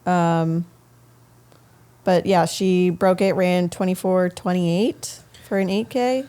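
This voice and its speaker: A woman's voice: fairly low pitch, steady tone, slow pace, mellow, smooth. A woman co-hosting a podcast, sharing news in an upbeat, matter-of-fact way. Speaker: podcast co-host. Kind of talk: casual chat.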